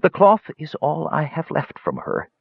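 A man's voice: on the high side, huge pitch swings, creaky, breathy edge, pitched above the performer's own voice, full character voice. A man voicing an ancient, sorrowful wizard. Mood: sad. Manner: slow, grave and sad. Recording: dull lo-fi audiobook recording.

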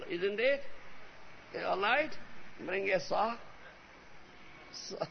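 A man giving a devotional lecture as a spiritual teacher. He speaks emphatically and keeps adding a questioning "huh?", sometimes drawing phrases out slowly. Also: high-pitched, gravelly. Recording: lo-fi recording with faint hiss.

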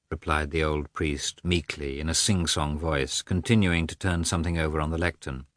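Male audiobook narrator, measured literary reading, very low voice, dry close sound. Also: steady tone, fairly bright tone, no echo. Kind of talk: scripted narration of a classic novel.

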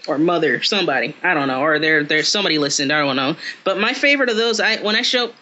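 Young man, high bright voice, rambling anecdote teller, muffled sound. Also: animated, fast talker. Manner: rambling, stumbles over words, laughs. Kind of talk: casual chat. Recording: dull lo-fi sound.

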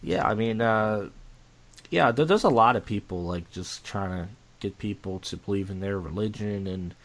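A young man chats loosely on a podcast in a somewhat low voice, stumbling through restarts and fillers as he goes. He talks in a casual, unscripted way. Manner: rambling, halting, many restarts and fillers. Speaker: podcast co-host.

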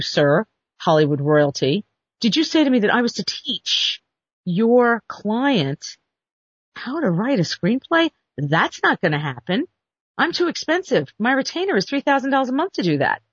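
A woman's voice: on the high side, big pitch swings, moderate pace, breathy edge, no echo. A woman script consultant telling a story bluntly and outspokenly to an audience in a casual monologue. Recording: dull, muffled recording.

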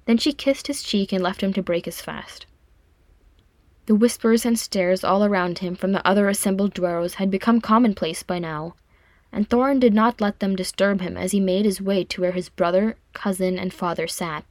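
A woman narrating a fan fiction audiobook with calm, even storytelling. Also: mid-range voice, normal speed, dry recording. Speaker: audiobook reader.

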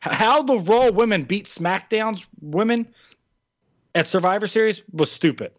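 A man's voice: high voice, normal speed, dry recording. A young man from New Jersey co-hosting a casual chat, opinionated and ranting. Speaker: podcast co-host. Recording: dull, dry lo-fi recording.

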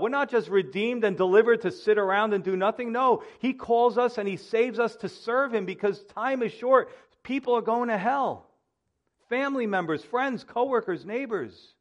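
A man preaching a Bible study sermon, emphatic and rising in intensity, then dropping low and quiet to drive points home. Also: lo-fi sound. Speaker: pastor.

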